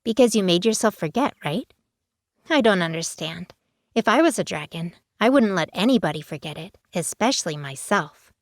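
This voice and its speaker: A woman voicing a bubbly, mischievous teenage werepanda girl in a storybook, whining and wheedling in a much higher, drawn-out voice. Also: animated, dry recording, studio quality. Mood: playful. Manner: whiny, wheedling and pleading.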